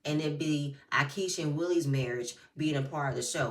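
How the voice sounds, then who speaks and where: A woman with a lowish voice tearing into a reality show reunion in blunt, cussing commentary. She sounds a little away from the mic in an echoey room. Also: brisk, few pauses, recorded from a distance. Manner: blunt, profane, heated. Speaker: reality TV recap YouTuber. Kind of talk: casual commentary.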